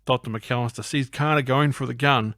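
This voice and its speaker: A man co-hosts a casual film review podcast and narrates the plot step by step in an even voice. He drops wry asides between the beats. The sound is close and dry, with no room echo. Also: medium pitch, fairly quick.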